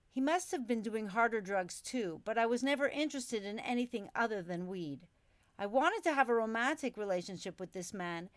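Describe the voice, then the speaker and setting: A woman's voice: mid-range voice, no room sound. A woman narrating her memoir in a reflective, storytelling manner, as an audiobook.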